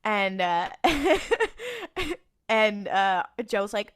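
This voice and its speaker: Woman cohost retelling an episode, clear smooth voice, chatty and animated. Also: medium pitch, slow pace. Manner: animated storytelling with quoted voices and laughter. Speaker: podcast co-host. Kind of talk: casual episode recap.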